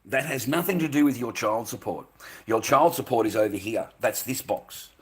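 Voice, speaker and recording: This vlogger is a middle-aged Australian man ranting furiously at the camera, swearing a lot, tripping over words and saying things twice. He speaks at medium pitch and a moderate pace, with a breathy edge to his voice.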